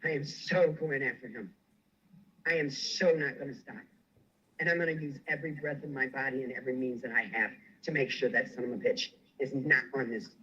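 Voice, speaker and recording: A furious man rants on a livestream, his voice husky and sharp-edged. He swears and threatens without letup. The sound is dull and lo-fi. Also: mid-range voice. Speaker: guest on a livestream. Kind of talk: angry livestream rant.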